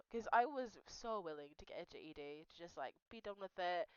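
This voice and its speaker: A woman's voice: mid-range voice, expressive, fairly quick, hardly any pauses, clear, resonant tone, highs cut off. Young woman crying as she vents. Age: young adult. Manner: rambling, swears often, restarts sentences. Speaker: vlogger. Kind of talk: emotional personal vent.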